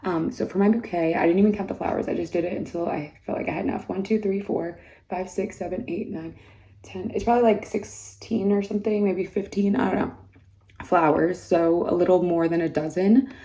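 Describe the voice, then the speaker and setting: Hoarse, chatty woman vlogging, mellow low voice. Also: fairly even intonation, fairly quick. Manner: rambling, with many fillers and "like"s. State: hoarse, losing her voice. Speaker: bride vlogging her wedding week. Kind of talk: casual chatty vlog. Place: mud room indoors.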